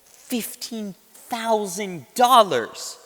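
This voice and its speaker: A teenage boy acting in a school play as an excitable, scheming younger teen. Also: sits high, extremely slow, heavily acted. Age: teens. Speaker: student actor. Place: school auditorium stage. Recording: echoey hall from a room mic.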